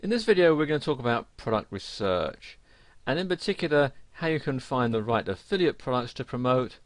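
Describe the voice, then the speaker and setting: A man's voice: medium pitch, no echo. A man narrating an online course lesson, giving earnest, direct advice to learners.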